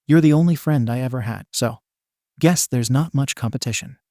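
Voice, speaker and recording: A man's voice: mid-range voice, moderate pace, mellow, no echo, studio quality, close to an everyday voice. A man voicing a laid-back teenage boy vigilante who talks casually and awkwardly, with some swearing.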